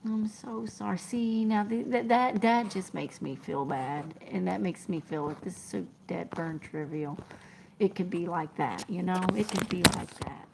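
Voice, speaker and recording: A woman, talking to her live-stream viewers in an emotional, halting way that often drops to a whisper. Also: lowish voice, steady tone, vocal fry, noisy background. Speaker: trucking vlogger reading live chat.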